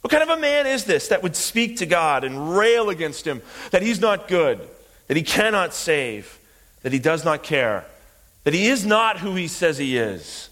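A man preaching a sermon, impassioned and repeating phrases for emphasis, rising from quiet to loud. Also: high-pitched, sing-song, moderate pace. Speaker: pastor.

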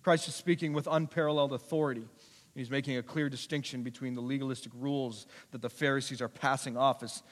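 A male pastor preaching a sermon to a congregation, building to loud, repeated urgent appeals. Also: mid-range voice, fairly even intonation, fast. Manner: preaching with rising intensity and repetition. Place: church sanctuary. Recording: long hall reverb.

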